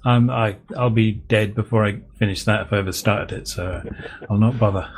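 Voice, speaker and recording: A man's voice: on the low side, steady tone, moderate pace, a little hiss or hum. A man co-hosting a podcast, chatting casually, readily agreeing and chuckling, with hesitant restarts. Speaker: podcast co-host. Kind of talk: casual chat.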